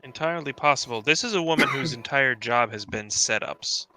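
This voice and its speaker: A man's voice: mid-range voice, fairly quick, pushed and bright, poor audio. A man in casual chat about fiction, rambling and swearing often.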